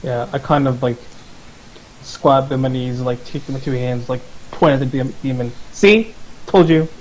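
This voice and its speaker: A man's voice: medium pitch, little pitch movement, normal speed, a little mellow, slight background noise, low-quality recording. A man playing a tabletop game, talking casually and hesitantly. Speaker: player. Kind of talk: tabletop role-play.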